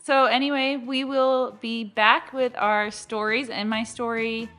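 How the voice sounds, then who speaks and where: A woman's voice: a little high, steady tone, measured pace, hardly any pauses, a bit bright, soft background music. A woman co-hosting a podcast, teasing her partner in dry, casual chat. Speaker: podcast co-host.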